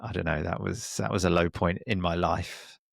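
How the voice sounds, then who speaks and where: A man from Essex with a softened Essex accent, chatting casually as a guest, laughing often and poking fun at himself. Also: low voice, fairly even intonation, moderate pace, vocal fry, no echo, clean studio sound. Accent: Essex English, softened. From Essex, England. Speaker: guest, English teacher and podcaster. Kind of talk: casual conversation.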